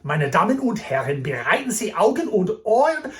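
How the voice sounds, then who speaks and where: A man voicing a theatrical German event announcer in a put-on German accent, booming and drawn out. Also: sing-song, normal speed, fairly bright tone. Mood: grandiose.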